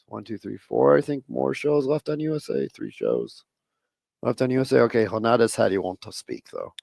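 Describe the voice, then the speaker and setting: A man's voice: medium pitch, animated, normal speed, creaky, a little mellow, no echo. A man co-hosting a casual wrestling podcast, laid-back and steering the rundown. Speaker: podcast co-host.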